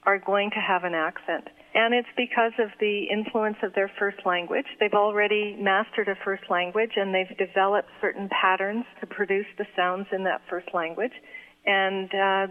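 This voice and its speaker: A woman professor calmly explaining in a measured way why second-language learners keep accents. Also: medium pitch. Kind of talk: explanatory interview talk. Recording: phone-like narrow band.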